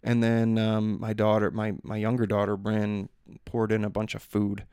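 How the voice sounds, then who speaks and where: Male podcast host, thirties, low and smooth, chatty and meandering, dry close recording. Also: monotone, normal speed, darkish tone, no room sound. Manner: rambling, filler-heavy, restarts sentences often. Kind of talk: casual personal storytelling.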